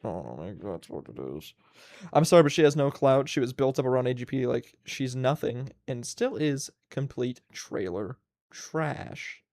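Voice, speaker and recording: A man's voice: mid-range voice, big pitch swings, unhurried, gravelly, a little mellow, dry recording, studio quality. A man in his twenties hosting a solo livestream, ranting casually and with plenty of profanity. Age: 20s. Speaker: livestream host.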